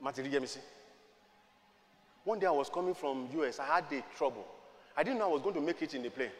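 A man with a Nigerian accent preaching a sermon, swinging from quiet talk to shouting and slipping into Yoruba. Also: a little high, expressive, fast talker, in a large hall. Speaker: pastor.

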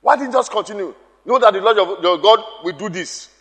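A man's voice: sits high, fairly quick, a bit bright, big-room sound. A man preaching a sermon, emphatic, repeating key phrases and calling out to the congregation.

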